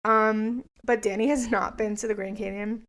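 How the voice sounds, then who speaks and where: A woman's voice: medium pitch, fairly even intonation, moderate pace, a bit bright. A young woman in her twenties hosting a casual solo podcast, chatty, rambling and profane. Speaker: podcast host.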